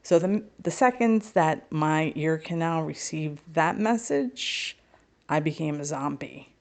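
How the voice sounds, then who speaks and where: Middle aged lady, podcast guest sharing her story, bit of creaky fry, candid n wry. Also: sits low, expressive, unhurried, darkish tone. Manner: candid, wry, self-mocking humor. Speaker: podcast guest, spiritual healer. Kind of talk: personal storytelling.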